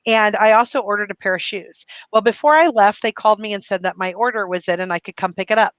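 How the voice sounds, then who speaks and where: A woman being interviewed as a guest tells funny stories in an animated way, laughing often and acting out the people in them. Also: medium pitch, fast talker, no echo, dull audio. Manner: animated, laughs often, acts out quoted voices. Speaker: guest, publicist. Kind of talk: casual storytelling interview.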